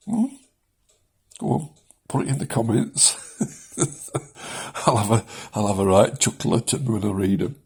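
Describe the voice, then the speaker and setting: A man in his seventies talking casually in a personal vlog, rambling with many pauses and chuckling at his own jokes, shaky as he speaks. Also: lowish voice, expressive, creaky, darkish tone, husky. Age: 70s. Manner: rambling, self-deprecating, chuckles often, many ums. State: shaking. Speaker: vlogger sharing his cancer experience.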